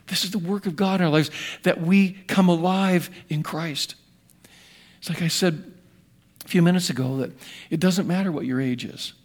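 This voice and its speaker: A man in his sixties preaching a sermon in an earnest voice, rising to loud emphasis and dropping to hushed asides. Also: on the high side. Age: 60s. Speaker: pastor.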